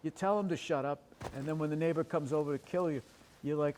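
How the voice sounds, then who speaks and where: A man's voice: fairly high pitch, fast, slight background noise. A man telling a story in casual chat as a podcast host, swearing often and acting out the people in it. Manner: profane, animated storyteller.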